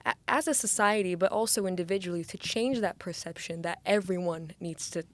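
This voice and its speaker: A woman's voice: fairly low pitch, fairly quick, no room sound. Curious woman host asking stuff, dry close mic, casual chat. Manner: curious, chatty questions. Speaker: podcast host.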